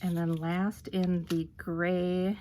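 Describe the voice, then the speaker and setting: Slow-talking woman gushing over crafts. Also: lowish voice, flat delivery, dark tone, a little hiss or hum. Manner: gushing, delighted, lots of ums. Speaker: crafting vlogger. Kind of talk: casual unboxing narration.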